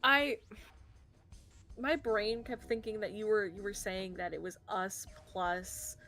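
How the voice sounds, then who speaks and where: A woman streamer chatting casually while playing a story game, excitable and giggly, often rushing her words. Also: mid-range voice, soft background music. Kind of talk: casual gameplay chat.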